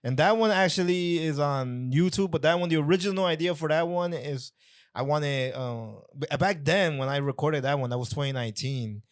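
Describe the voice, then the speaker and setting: A man's voice: on the high side, moderate pace. A man born in Mexico and raised in Chicago, a comedian chatting on a podcast in a laid-back, rambling, self-deprecating way. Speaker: comedian guest. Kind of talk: casual podcast chat.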